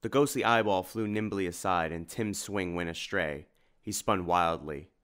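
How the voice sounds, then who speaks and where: Man, audiobook narrator, low deep voice, dramatic, lively reading. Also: moderate pace, clean tone.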